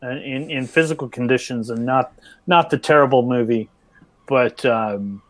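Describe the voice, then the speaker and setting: A man's voice: medium pitch, moderate pace. A man who is a regular on a casual sports fan show, rambling playfully. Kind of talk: casual banter.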